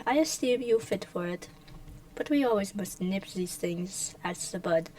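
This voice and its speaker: Woman doing a smooth, menacing male official, formal and drawn-out, middle-pitched, fan dub. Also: a little mellow, lightly acted, rough recording.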